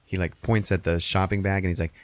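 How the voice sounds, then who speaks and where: Male podcast host, low voice, profane animated storyteller. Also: fast, no room sound. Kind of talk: casual movie recap.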